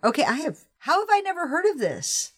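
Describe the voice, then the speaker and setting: A woman's voice: high-pitched, huge pitch swings, a little fast, fairly bright tone, no echo, studio quality. A woman co-hosting a podcast in casual chat, laughing often and swearing freely. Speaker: podcast co-host.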